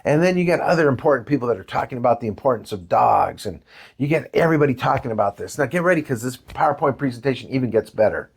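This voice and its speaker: A man's voice: mid-range voice, fast, vocal fry, breathy edge. A man teaching a parenting course, talking conversationally and acting out a story with quoted voices. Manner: conversational, tags lines with "right?" and "man"; animated, acts out voices in anecdotes. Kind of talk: lecture with storytelling.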